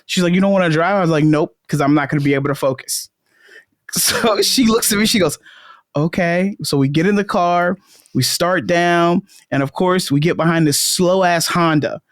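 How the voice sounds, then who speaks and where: On a casual chat podcast, a female co-host tells a story as an animated storyteller, laughing often and acting out quotes. Her voice is on the low side at a normal pace, recorded dry with clean studio sound.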